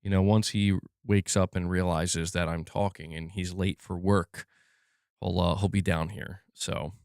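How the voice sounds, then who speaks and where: A man's voice: deep voice, little pitch movement, unhurried, creaky, a little mellow, clear, resonant tone, dry recording, clean studio sound. A man hosting a casual gaming livestream, chatting loosely and reading out viewers' chat messages. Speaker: livestream host.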